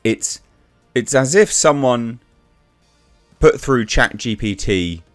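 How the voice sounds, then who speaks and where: Blunt, lively man reviewing. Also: mid-range voice, slow, soft background music. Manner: blunt, exasperated, with frequent restarts and swearing. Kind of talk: casual review rant.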